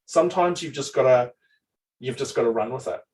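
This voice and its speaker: A man's voice: medium pitch, fairly quick, far from the mic, rough recording. Rambling man, heard from afar. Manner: rambling, animated, swears freely, many restarts. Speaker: dungeon master. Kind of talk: casual chat.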